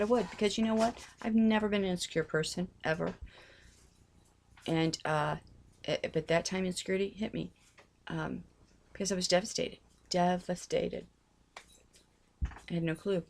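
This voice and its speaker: Woman, middle-aged, lowish voice; earnest religious vlogger, pleading, repeats herself. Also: gravelly. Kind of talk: heartfelt personal talk.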